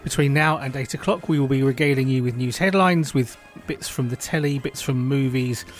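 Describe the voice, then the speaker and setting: A man's voice: mid-range voice, fairly quick, soft background music. A man hosting a community radio show, chatting in a jovial, friendly way. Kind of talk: casual radio chat. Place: radio studio.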